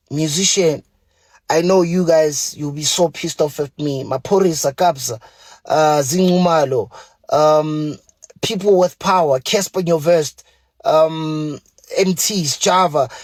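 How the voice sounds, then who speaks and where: A man's voice: on the high side, darkish tone, dry recording. A man with a South African accent ranting angrily to camera, profane and pleading by turns. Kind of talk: angry direct-to-camera rant.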